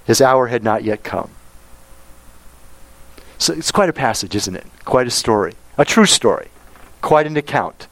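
A male pastor preaching a sermon, stressing key words with slow, drawn-out emphasis. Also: medium pitch, animated, a bit bright, no echo, poor audio.

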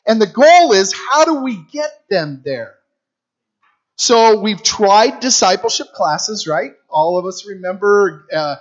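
A man's voice: sits high, fairly bright tone, muffled recording. A middle-aged man preaching a sermon in a conversational, storytelling way, repeating phrases for emphasis. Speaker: guest preacher for a youth ministry.

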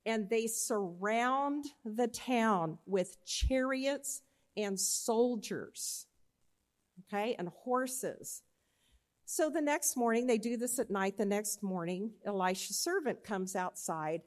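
A woman giving a chapel talk, telling a Bible story with animated voices and often checking in with her listeners. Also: on the high side, takes it slowly. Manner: animated, acts out characters in the story. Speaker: chapel speaker.

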